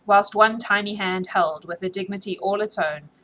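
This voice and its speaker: A woman's voice: mid-range voice, normal speed, fairly bright tone, slight background noise, rough recording. A woman with a sore throat reading a classic novel aloud for her followers in a chatty way, stopping to fix her slips. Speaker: reader. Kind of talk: casual read-aloud for followers.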